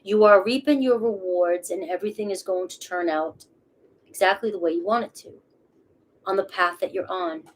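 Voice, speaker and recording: A woman's voice: medium pitch, normal speed, a little hiss or hum. A woman with a Boston accent, reading tarot cards live in a casual, chatty way and swearing freely. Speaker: tarot reader.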